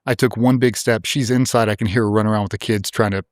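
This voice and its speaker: A man's voice: on the low side, steady tone, fast, no room sound, clean studio sound. A middle-aged man, a former special operator, telling a vivid, blunt, profane story as a guest in an interview.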